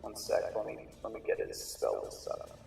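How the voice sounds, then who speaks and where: A man running a tabletop game as game master, narrating in a halting way with fillers and restarts. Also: on the low side, very animated, creaky, a little mellow. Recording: echoey room, distant mic, faint music.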